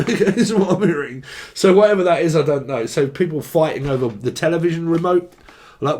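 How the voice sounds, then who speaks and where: Guy doing a rambly tarot reading, cracking jokes and swearing, voice on the high side. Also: fairly quick, a little mellow. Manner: rambling, jokey, free-associating, sweary. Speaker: tarot reader. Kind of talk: freewheeling channelled tarot reading.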